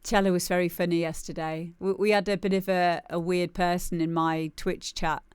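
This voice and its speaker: A woman's voice: on the low side, flat delivery, normal speed, clean tone, dry recording, studio quality. A woman hosting a live music demo show, chatting casually and laughing often. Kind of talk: casual live-stream chat.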